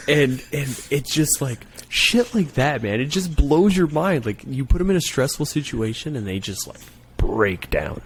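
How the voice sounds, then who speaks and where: A man, a Marine gunnery sergeant and former recruiter, telling stories on a podcast in a profane, animated way that keeps checking in with "right?". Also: medium pitch, measured pace, a little hiss or hum. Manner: profane, animated storyteller, peppers talk with "right?". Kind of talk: casual podcast storytelling.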